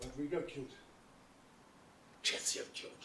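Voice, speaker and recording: An actor playing a jealous, tormented husband in amateur stage acting, brooding murmurs breaking into shouts. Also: male voice, moderate pace, natural voice. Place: outdoor stage, roomy. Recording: roomy echo from far off.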